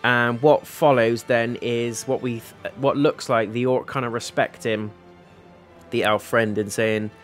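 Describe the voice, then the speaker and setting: In a mid-range, slightly bright voice, a male TV reviewer hosts his channel's casual take on an episode, walking through the plot loosely with paraphrased lines, filler words and the occasional blunt curse.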